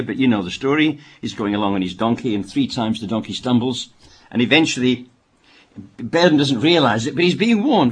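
A Bible teacher reads scripture aloud in a medium-pitched voice with a breathy edge. He breaks off now and then for wry asides as he teaches.

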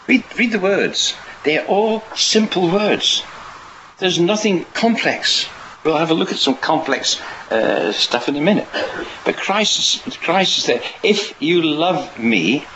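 A man's voice: on the high side, bright, forceful tone, slight background noise. A man preaching a sermon in a rambling way, often restarting and asking rhetorical questions. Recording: dull lo-fi recording.

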